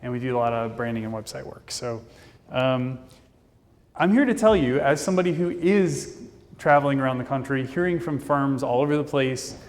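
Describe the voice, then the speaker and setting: A man giving a fast, casual, jokey conference talk from a stage. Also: medium pitch. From Indianapolis, Indiana, US. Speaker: conference speaker. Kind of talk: keynote presentation. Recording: long reverb of a conference hall.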